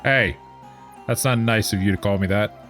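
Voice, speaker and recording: A man's voice: fairly low pitch, normal speed, fairly bright tone. A man chatting and joking while he streams a game, loose and casual. Faint music plays in the background.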